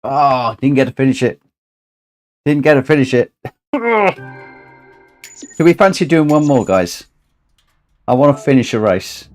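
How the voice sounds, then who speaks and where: A man's voice: medium pitch, unhurried, pauses often, a little mellow, faint music behind. A tired man hosting a long charity gaming livestream, chatting casually, rambling and repeating himself as he gets emotional. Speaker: livestream host.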